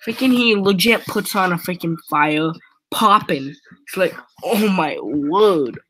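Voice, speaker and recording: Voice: medium pitch, lively intonation, slow pace, sharp tone, rough recording. Rambling young teen vlogger. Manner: rambling, fills nearly every sentence with "freaking". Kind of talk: casual storytelling.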